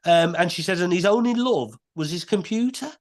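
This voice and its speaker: A man, a podcast guest telling a story in a casual, animated way. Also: high voice, brisk. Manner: animated, many restarts and quoted voices.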